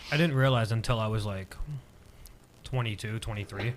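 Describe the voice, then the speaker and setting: A man's voice: on the low side, moderate pace, very noisy. A man in his twenties, a podcast guest, telling a personal story casually and hesitantly, with many filler words.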